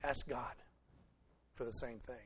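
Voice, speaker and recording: Speaking unhurriedly in a steady mid-range voice, this middle-aged pastor delivers a folksy, joking sermon directly to his congregation. Background noise can be heard.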